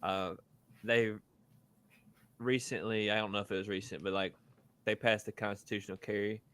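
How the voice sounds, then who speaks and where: A man's voice: fairly low pitch, little pitch movement, moderate pace, a bit bright. A man co-hosting a podcast, making sarcastic jokes in casual chat. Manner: joking, sarcastic. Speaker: podcast co-host.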